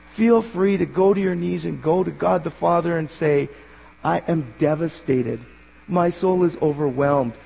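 A male pastor preaching a sermon in an earnest way, rising to emphatic bursts and dropping quiet. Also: high-pitched, gravelly, slightly rough. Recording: long hall reverb.

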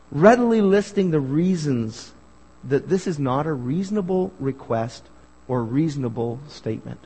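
A man preaching a sermon, animated and asking the congregation questions. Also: medium pitch, measured pace, slightly rough. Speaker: pastor. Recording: hall reverb.

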